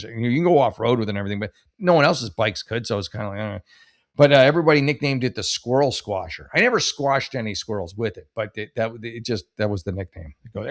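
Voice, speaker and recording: A man's voice: mid-range voice, fairly bright tone. Rambling, joking male advice host. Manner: rambling, jokey, many restarts and self-corrections. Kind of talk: casual chat reading listener questions.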